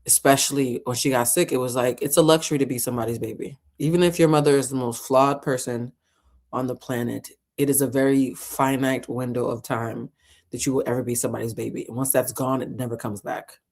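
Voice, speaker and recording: A woman's voice: rumbling low, fairly even intonation, a little fast, darkish tone. A woman reacting to a clip with blunt, frank commentary and some profanity.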